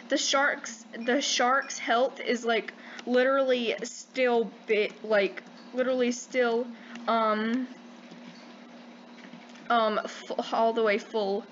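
A young woman giving casual gameplay commentary as a channel host, excitable, squealing when panicked and full of "like" fillers. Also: a little high, highs cut off, a little hiss or hum.

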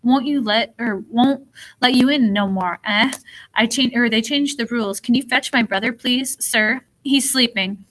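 A woman reading an audiobook voices a nasty, greedy male prisoner who speaks in rough, coarse old-time talk. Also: a little high, unhurried, fairly bright tone, poor audio. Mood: sly.

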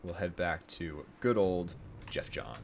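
A man's voice: low voice, slow, vocal fry, a little hiss or hum. A man streaming a game, reading its story text aloud, stumbling over words and correcting himself with casual asides.

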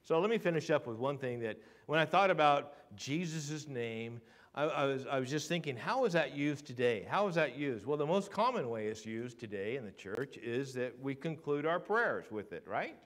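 In a church sanctuary, a man preaches a sermon at a moderate pace with a medium-pitched, animated voice. He swings between hushed and loud, relying heavily on rhetorical questions and repetition.

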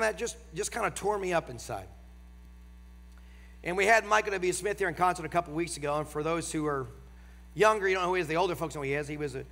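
Nasal man with a Northern American accent preaching in a large church; emphatic, slows on key lines, bright edge, reverberant hall. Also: a little high. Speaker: guest preacher. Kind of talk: sermon.

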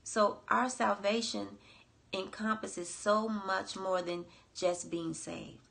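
A woman hosting a devotional podcast teaches earnestly from scripture. She circles back over her phrases to drive them home. Her voice has a gravelly edge at mid pitch. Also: level tone, takes it slowly, fairly bright tone. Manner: earnest, repeats phrases for emphasis. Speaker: coach and podcast host.

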